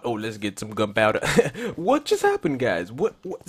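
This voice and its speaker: A young man doing casual Minecraft commentary who keeps talking to his viewers and bursts into shouts when something goes wrong. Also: mid-range voice, normal speed, few pauses, husky. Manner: excitable, talks to viewers, repeats "guys", bursts into shouts. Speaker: gaming YouTuber.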